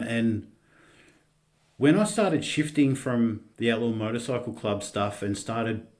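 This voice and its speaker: A middle-aged Australian man with a mid-range voice speaks as a podcast guest. Candid about his own story, he halts and restarts often and peppers his speech with casual swearing.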